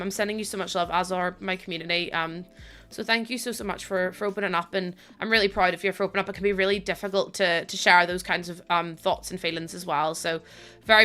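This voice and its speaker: A woman's voice: mid-range voice, pushed and bright. A woman with a Northern Irish accent chatting casually on a live stream, laughing often and thanking viewers by name. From Northern Ireland.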